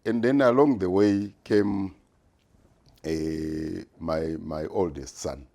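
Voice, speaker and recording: A man in his sixties, a retired business executive answering interview questions in a measured, deliberate way with frequent pauses. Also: low voice, dark tone. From Zimbabwe. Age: 60s.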